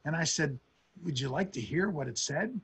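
A man's voice: on the high side, animated, moderate pace, a bit bright, husky. A middle-aged man, a historian, giving a storytelling lecture and acting out the quotes in a raised voice.

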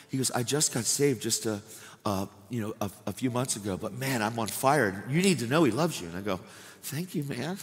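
A man preaching at a revival night, emotional and tearful, laughing between lines as he tells stories. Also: medium pitch. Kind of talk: sermon. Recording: live hall with music behind.

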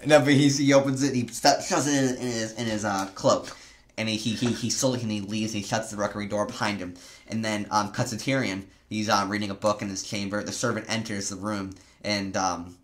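A man's voice: fairly low pitch, steady tone, a little fast, slight background noise. A young man co-hosting a casual chat, rambling and full of "like" and "um". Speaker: co-host.

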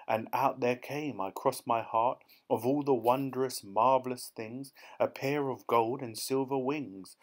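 A man narrating an audiobook of rhyming children's poems, reading in a lively, bouncy rhythm. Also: mid-range voice. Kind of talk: reading rhyming verse aloud.

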